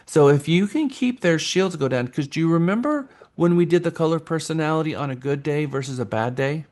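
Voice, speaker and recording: A man teaching a real estate sales class in an animated lecture style. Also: a little high, fairly quick. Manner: lively, acts out buyers' voices.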